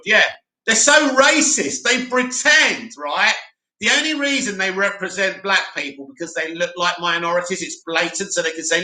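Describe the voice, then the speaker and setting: A man hosting a live stream, reading viewer comments aloud and giving animated, opinionated replies. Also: high-pitched, moderate pace. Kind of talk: casual live chat reading. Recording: roomy echo.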